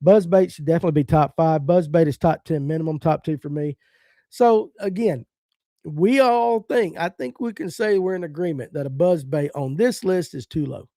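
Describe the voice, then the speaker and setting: A man's voice: on the high side, a little fast, warm tone, dry recording, clean studio sound. A middle-aged man from the American South, hosting a fishing podcast in casual live-stream chat, blunt and opinionated as he reads out viewer comments.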